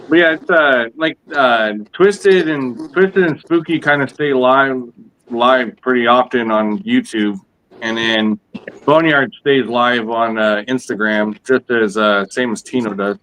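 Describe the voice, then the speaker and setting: A man's voice: medium pitch, slow pace, a bit bright, slight background noise, poor audio. A man hosting a casual live chat, rambling and repeating himself as he talks shop. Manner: rambling with many repeats and restarts. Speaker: host.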